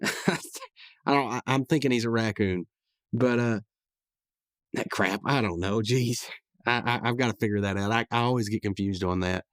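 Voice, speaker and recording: A man's voice: fairly low pitch, normal speed, long pauses, fairly bright tone, no room sound. A male podcast host rambling casually through a recap of a cartoon episode, with lots of restarts. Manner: rambling, with many restarts and fillers.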